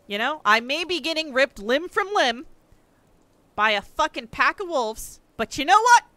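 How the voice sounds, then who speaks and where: Young woman, gaming streamer, lively swooping voice, excitable, swears, shouts at the screen. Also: sits high, measured pace, dry recording. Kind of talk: let's play commentary.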